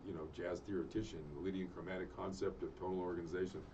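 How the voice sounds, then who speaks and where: A middle-aged man talking in a relaxed, rambling way as a guest in casual chat, full of fillers. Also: low-pitched, fast. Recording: distant dull mic with faint noise.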